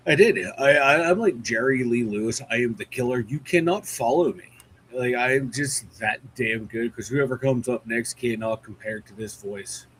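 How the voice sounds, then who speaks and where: A man's voice: mid-range voice, normal speed, fairly bright tone, a little hiss or hum, low-quality recording. A man who produces and co-hosts a sports talk show, joking and playfully boastful. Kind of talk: casual sports chat.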